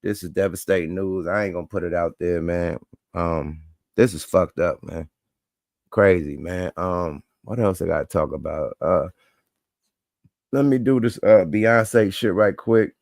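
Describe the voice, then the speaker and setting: A man's voice: deep voice, measured pace, vocal fry, a little mellow, no room sound, clean studio sound. A man hosting a livestream, talking in a laid-back, slangy, rambling way. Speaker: livestream host. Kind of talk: casual chat.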